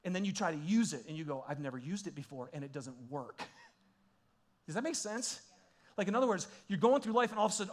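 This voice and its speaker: A man preaching a sermon, swinging between hushed, intimate questions and loud, excited exclamations, with frequent laughs and restarts. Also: high-pitched, quick pace. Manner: repeats himself and restarts, laughing often. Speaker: pastor.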